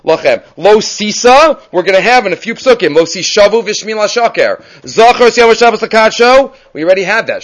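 High-voiced man teaching a Torah class. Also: fairly bright tone. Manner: mixes quick Hebrew quotes with English explanation; earnest, explanatory. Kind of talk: daily Torah class on the weekly portion.

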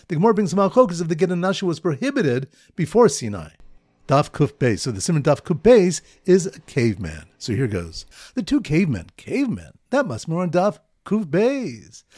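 Husky, animated man teaching Talmud. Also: a little high, no room sound, clean studio sound. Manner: lively storytelling with sing-song emphasis on repeated phrases. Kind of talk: mnemonic Talmud study lesson.

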